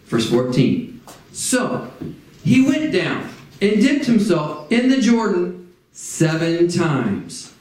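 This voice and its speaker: A man preaching a sermon, retelling a scripture story in a casual, animated way and acting out the figures in it. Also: sits high, slow, heavy reverb, low-quality recording. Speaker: pastor.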